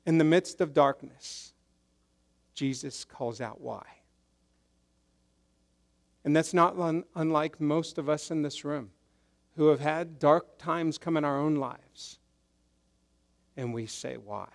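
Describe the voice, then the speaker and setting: A man preaching a sermon, swinging between loud emphasis and hushed, quiet lows. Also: fairly even intonation, measured pace. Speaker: pastor.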